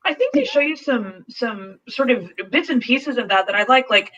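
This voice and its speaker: A woman's voice: a little high, expressive, normal speed, a bit bright, lo-fi sound. A woman on a film podcast panel, chatting casually with frequent fillers and laughter.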